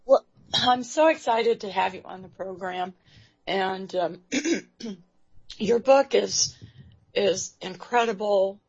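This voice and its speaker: A woman hosting an interview program, talking in a halting way with many fillers and restarts. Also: mid-range voice, darkish tone, breathy edge. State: emotional, near tears. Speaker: radio show host. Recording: dull lo-fi recording.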